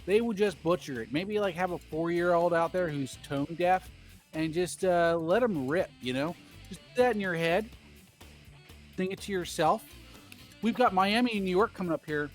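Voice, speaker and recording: A man's voice: high-pitched, moderate pace, faint music behind. A man doing rambling, jokey play-by-play commentary on a baseball video game stream.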